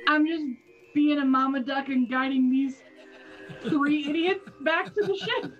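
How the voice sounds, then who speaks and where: A woman playing a tabletop game, deliberate and amused. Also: high voice, muffled recording, faint music behind. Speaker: player.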